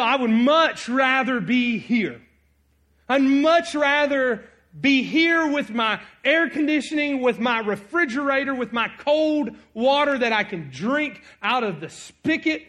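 A man preaching a sermon, reading scripture aloud and swinging between loud emphasis and quiet asides. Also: very high voice. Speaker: pastor.

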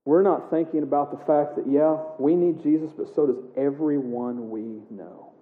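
A man preaching a sermon in a casual, animated way, acting out the scripture he reads aloud. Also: fairly high pitch, moderate pace. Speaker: pastor. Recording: echoey room heard over a tinny narrow line.

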